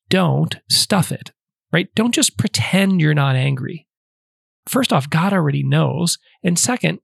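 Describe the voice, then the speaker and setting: Guy on a podcast walking thru steps, very gravelly husky voice, kinda high, dry close sound. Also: no room sound. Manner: conversational, lays out numbered steps, frequent "like". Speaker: podcast host teaching on prayer. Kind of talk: casual instructional talk.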